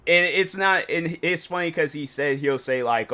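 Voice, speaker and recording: A man's voice: fairly high pitch, moderate pace, sharp tone. A man giving casual reaction commentary as a YouTuber, exasperated and rambling, with slang and many restarts.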